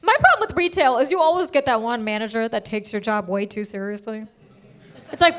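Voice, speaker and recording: Woman comic in her 30s, high voice, sarcastic punchy bits on stage. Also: very animated, fairly quick, fairly bright tone. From United States. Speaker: stand-up comedian. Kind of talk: stand-up comedy set.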